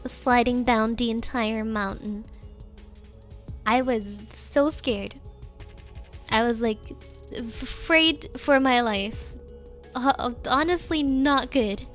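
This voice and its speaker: A woman streamer from Germany chatting casually, rambling with lots of "like" and frequent giggles. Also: high voice. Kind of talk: casual chat.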